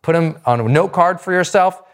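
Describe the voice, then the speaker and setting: A man's voice: a little high, fairly quick. A man giving a motivational lesson on confidence, with an emphatic, rising and falling delivery. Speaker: motivational coach. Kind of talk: motivational teaching monologue.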